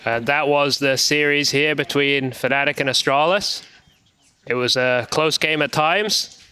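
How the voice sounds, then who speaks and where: A man summing up an esports series in a measured way. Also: fairly high pitch, bright, forceful tone, clean tone. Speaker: esports analyst. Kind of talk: match wrap-up analysis.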